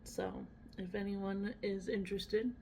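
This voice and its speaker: A woman's voice: medium pitch, fairly even intonation, measured pace, noisy background. A woman vlogger chatting casually about her day, rambling with lots of fillers. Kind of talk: casual daily vlog chat.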